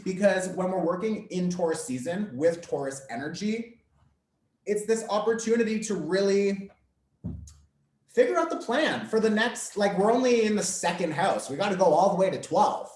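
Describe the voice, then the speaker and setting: Casual swearing guy running an astrology workshop, kinda high voice, echoey room. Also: darkish tone. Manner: chatty, swears casually, fillers like "like".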